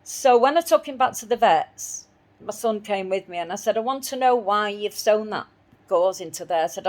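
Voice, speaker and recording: A woman's voice: mid-range voice, a little mellow. A woman telling a personal story in an indignant voice, repeating herself as she replays her arguments. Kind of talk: spoken personal account.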